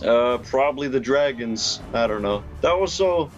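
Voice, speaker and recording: A young man giving casual gameplay commentary, reacting excitably with laughs and rambling remarks. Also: mid-range voice, moderate pace, lo-fi sound. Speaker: gaming YouTuber. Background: game music.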